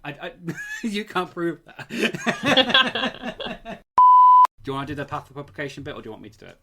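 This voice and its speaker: A man's voice: a little high, wildly swooping pitch, normal speed, background noise. A man co-hosting a casual podcast chat, giggling and apologizing often. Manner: giggly, keeps laughing and apologizing. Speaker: podcast co-host.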